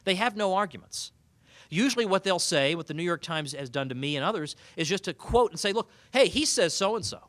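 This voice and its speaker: A man giving a humorous keynote speech at a banquet, animated and sarcastic, mock-quoting his opponents. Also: a little high, a little fast, no echo. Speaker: keynote speaker. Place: banquet hall.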